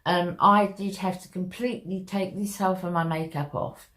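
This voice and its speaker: A woman's voice: lowish voice, fairly even intonation, normal speed, fairly bright tone. A woman talking viewers through a makeup tutorial in a chatty, step-by-step way. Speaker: makeup vlogger.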